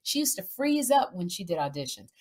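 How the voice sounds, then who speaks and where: A woman chatting casually as a co-host, an animated storyteller who acts out other people's voices. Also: lowish voice, brisk. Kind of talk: casual chat.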